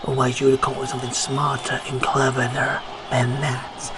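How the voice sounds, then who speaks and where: A man voicing a smug male wrestler who talks down to rivals slowly and quietly, sometimes in a whisper. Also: medium pitch, monotone, very noisy, close to an everyday voice.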